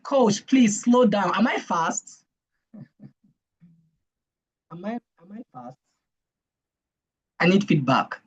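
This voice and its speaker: Coach teaching a live class online, husky voice, dull lo-fi sound, repeats stuff slow and reads out the comments. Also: medium pitch. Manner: repeats key points slowly, chats with comments. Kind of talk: live-streamed lesson. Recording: dull lo-fi stream audio.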